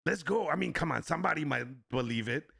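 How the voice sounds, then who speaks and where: A man's voice: fairly high pitch, expressive, quick pace, gravelly, pushed and bright, breathy edge, no echo, clean studio sound, voice pushed up, full character voice. A man voicing a scheming young male online scammer who eagerly eggs on his partner.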